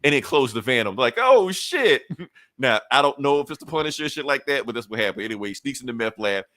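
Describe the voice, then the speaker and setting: Podcast co-host, male, relaxed storyteller, voices quotes, dry close sound. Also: mid-range voice, very fast, no echo. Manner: loose storytelling, acts out quotes, laughs often. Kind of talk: casual comic recap.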